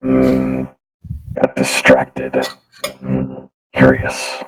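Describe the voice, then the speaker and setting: A man voicing a male Warforged robot adventurer through a robot voice changer, flat and droning and hard to make out. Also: rumbling low, very slow, creaky, voice pushed down, exaggerated voice, poor audio.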